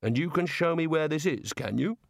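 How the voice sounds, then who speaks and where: A man's voice: fairly high pitch, fairly quick, vocal fry, dry recording, clean studio sound, voice pushed up. A man voicing an anxious, hapless wizard who talks in a nervous, pleading way.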